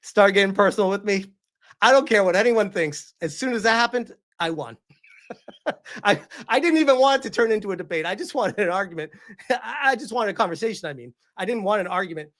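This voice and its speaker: A woman streams and answers her chat in a loose, casual way. Her pitch leaps around expressively as she fires off incredulous questions, and she swears freely. She sounds like a host reading donations and pushing back hard. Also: a little fast. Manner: animated, incredulous ranting with frequent swearing. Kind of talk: casual livestream commentary.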